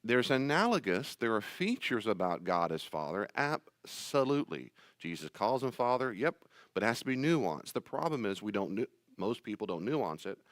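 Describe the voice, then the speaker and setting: A man's voice: fairly low pitch, very animated, moderate pace, a bit bright, dry recording. Pastor guy teaching, emphatic, bouncy up-and-down voice, lots of rhetorical questions, dry close sound. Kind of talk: sermon-style teaching talk.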